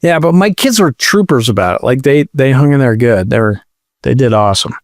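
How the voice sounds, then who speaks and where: A man co-hosting a casual comedic podcast, telling a laid-back story with deadpan quips. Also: mid-range voice, fairly quick, no echo, clean studio sound. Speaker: podcast co-host.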